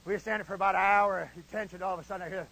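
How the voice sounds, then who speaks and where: A middle-aged man preaching in a folksy, animated storytelling manner. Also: high-pitched, very fast, gravelly, low-quality recording. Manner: animated, folksy, shifts into shouting. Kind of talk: storytelling sermon.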